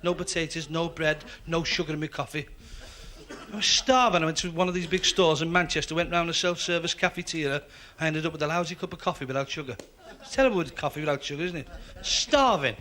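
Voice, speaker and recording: A man's voice: a little high, sharp tone. A man telling a chatty, confiding stand-up story and laughing as he goes. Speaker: stand-up comedian. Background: audience laughter.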